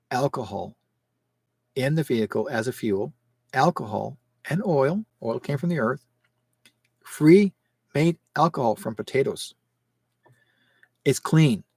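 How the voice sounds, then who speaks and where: A Canadian man hosting a live call-in psychic show, talking in an emphatic, rambling way with sudden rises in pitch. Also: a little mellow, dry recording. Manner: emphatic, rambling, rising sharply on points.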